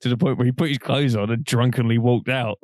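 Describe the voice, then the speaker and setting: Young guy, podcast co-host, middle pitch, dry close mic, rambling storyteller who laughs a lot. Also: quick pace, dry recording. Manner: rambling, animated anecdotes with frequent laughter. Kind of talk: casual storytelling chat.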